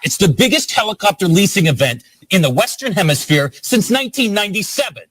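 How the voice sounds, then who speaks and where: A brash profane salesman, high, lively, husky, dry film audio. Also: fairly quick, no room sound, exaggerated voice. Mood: pushy. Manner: pushy, profane. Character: brash pushy male sales boss.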